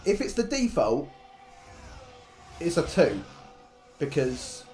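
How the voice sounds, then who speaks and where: A man calls a live online race with a high-ish, bouncy voice, cracking jokes and swearing bluntly. His voice rings in a roomy space, with faint music playing underneath. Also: wildly swooping pitch, slow, darkish tone. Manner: jokey, blunt, swears freely. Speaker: race commentator. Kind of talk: live esports race commentary.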